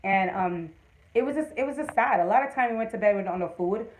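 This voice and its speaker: A woman's voice: medium pitch, lively intonation, fairly quick, rough recording. A woman from Jamaica with a Jamaican accent, casually chatting to viewers on her livestream and telling stories in a rambling, emphatic way. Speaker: livestream host.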